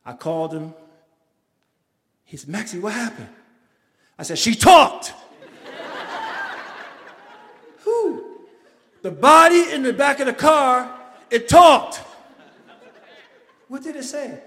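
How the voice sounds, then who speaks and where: A man from the Bronx telling a story on stage, animated and acting out the voices of the people in it. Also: very high-pitched, slow, pauses often, long reverb tail. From the Bronx, New York.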